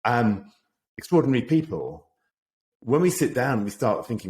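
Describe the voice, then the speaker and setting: A middle-aged British man talking casually as an interview guest, relaxed and thoughtful with frequent fillers. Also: on the low side, moderate pace. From Britain. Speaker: guest, executive coach. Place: home office in Paris.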